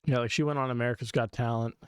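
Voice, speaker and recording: A man's voice: mid-range voice, fairly even intonation, very fast, clean tone, no room sound. A man co-hosting a podcast, chatting casually and profanely while reacting to videos. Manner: profane, amused, rambling. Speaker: podcast co-host.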